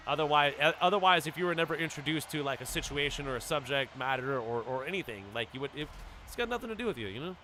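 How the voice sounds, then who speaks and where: A man's voice: medium pitch, pushed and bright, a little hiss or hum. A man streaming a video game, chatting casually in a rambling, laid-back way full of "like" and "dude". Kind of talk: casual stream chat while gaming.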